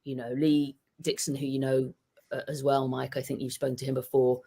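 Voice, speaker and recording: A man chatting about football on a podcast, telling stories in an animated way, with many restarts. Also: medium pitch, fairly quick, creaky, breathy edge. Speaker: podcast guest. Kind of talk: casual football chat. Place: home with a dog.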